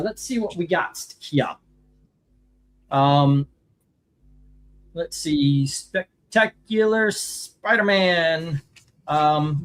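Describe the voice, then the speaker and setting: A middle-aged man hosting a live comic auction stream, chatting casually in a rambling, jokey way with lots of fillers. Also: on the high side.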